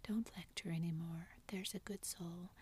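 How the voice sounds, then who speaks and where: A woman's voice: fairly low pitch, fairly even intonation, moderate pace, darkish tone, husky. A woman voicing a playful, teasing tall young man in a whispered role-play, with theatrical banter.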